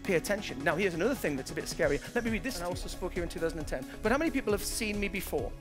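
Man, 50s, motivational keynote speaker: very high, brisk, animated storyteller, faint music underneath. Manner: lively storytelling, acts out the people he quotes. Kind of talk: keynote talk to a live audience.

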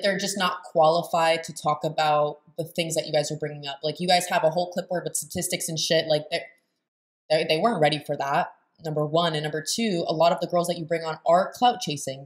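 A young woman talks over a clip she is reacting to, in a voice pitched a little low. She is blunt and sarcastic and swears freely, in the loose tone of casual commentary. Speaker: reaction video host.

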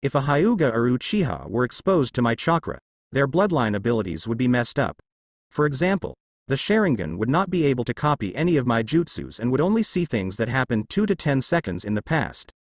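A man's voice: mid-range voice, big pitch swings, fairly quick, dry recording, clean studio sound. A man voicing a cocky teenage boy ninja in a fan fiction reading, smug and teasing. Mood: explaining.

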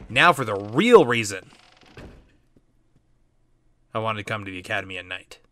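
A man's voice: fairly low pitch, very animated, takes it slowly, long pauses, a bit bright. A man hosting a video game playthrough, playful and chatty as he comments on what he does. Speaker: let's play host.

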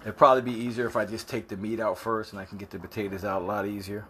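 A man hosting a casual home cooking show, excitable and joking, his voice jumping high when he gets worked up. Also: very fast, slight background noise.

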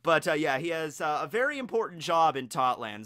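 A man hosting a casual fan commentary channel, talking in an energetic, rambling way with many restarts. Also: on the high side, a little fast, hardly any pauses. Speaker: YouTube host.

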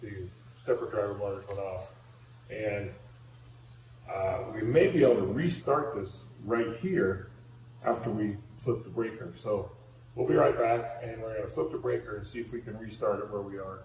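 A man's voice: fairly low pitch, moderate pace. A man in a casual workshop vlog, walking through a plasma cutter run and thinking aloud with restarts in a plain, practical way. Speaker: maker demonstrating a CNC plasma cutter. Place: indoor workshop. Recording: roomy echo with steady background noise.

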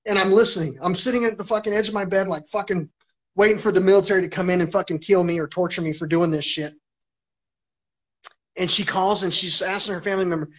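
A man's voice: high-pitched, fairly quick, a bit bright. A man hosting a live stream, telling a long story in an agitated, profane ramble and repeating himself.

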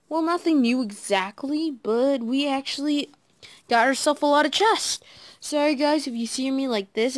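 A woman giving casual, excitable commentary while playing a game, talking to her viewers and admitting she is nervous. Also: fairly high pitch, no room sound. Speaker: gaming video creator.

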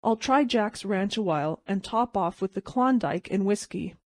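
A woman's voice: medium pitch, lively intonation, normal speed, dry recording, studio quality, lightly acted. Woman reading as a bitter jilted young man. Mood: hopeless. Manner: wry, mocking deference turning hopeless.

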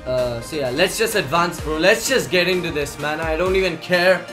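Young male gamer, high voice, casual commentary, quick to yell at the screen, faint music behind. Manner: excitable, yells at the game, says "bro" and "man" a lot. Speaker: gaming YouTuber.

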